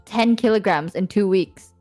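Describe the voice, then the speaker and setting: A woman from Indonesia, a fellow streamer on a call, excitable and quick to swear and laugh, reading out a heartfelt farewell letter. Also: medium pitch, faint music behind.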